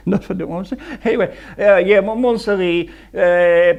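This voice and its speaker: A man with a notably high voice talks in a loose, chatty way from a building site. He keeps laughing at his own jokes as he rambles on like a licensed builder sharing tips. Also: moderate pace, creaky, highs cut off. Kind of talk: casual chat reacting to clips.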